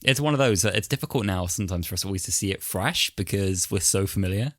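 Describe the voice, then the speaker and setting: A man's voice: deep voice, fast, no room sound, studio quality. A man, co-hosting a casual podcast and telling stories expressively. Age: 20s. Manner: lively, expressive storytelling. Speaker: podcast co-host. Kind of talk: casual chat.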